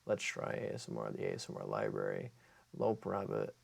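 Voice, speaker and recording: Creaky, husky-voiced young man. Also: rumbling low, sing-song, brisk. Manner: rambling, often corrects himself mid-list. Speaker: ASMR creator. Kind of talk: casual talk to camera.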